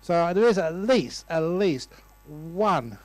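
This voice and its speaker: A man's voice: a little high, lively intonation, slow pace, darkish tone, low-quality recording. A man in his sixties, a Buddhist monk, giving a humorous dharma talk and telling stories with playful voices. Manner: storytelling with playful voices and laughs. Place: lecture room.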